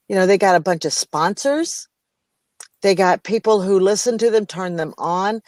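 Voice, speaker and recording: A middle-aged American woman co-hosting a casual business chat, telling stories in an animated way, slipping into playful voices and laughing. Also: medium pitch, moderate pace, no room sound. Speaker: co-host of a business talk show.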